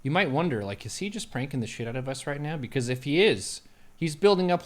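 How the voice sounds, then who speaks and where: A man's voice: medium pitch, big pitch swings, fast talker. A man hosting a casual live-stream discussion, playful and teasing, laughing often. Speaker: show host.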